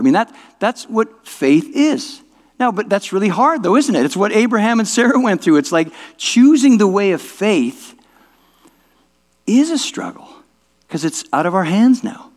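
A man's voice: sits high, animated, moderate pace. A male pastor giving an informal, conversational sermon, often restarting words and asking the audience whether it makes sense. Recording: long reverb of a large hall.

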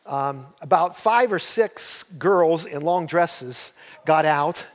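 In a church sanctuary, an older pastor delivers a sermon built on homespun personal stories, slow and expressive, with folksy humor that pokes fun at himself. His voice is high for a man, and the large hall gives it a long reverb.

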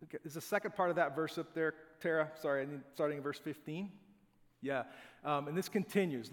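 A man's voice: fairly high pitch, fairly quick. A middle-aged man preaching a sermon as a pastor, telling family stories in a conversational, self-deprecating way. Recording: long hall reverb.

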